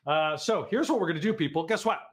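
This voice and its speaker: A man from the Midwest hosts a live charity stream and calls donation auctions with a goofy, teasing manner. His voice sits high for a man and bounces around constantly. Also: animated, quick pace. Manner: playful, goofy, teasing the audience. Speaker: telethon host running a donation auction.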